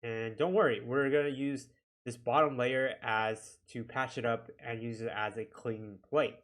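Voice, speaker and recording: A man giving a casual software tutorial, talking himself through each click with a chatty, self-deprecating manner. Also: medium pitch, steady tone, unhurried. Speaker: video editing instructor.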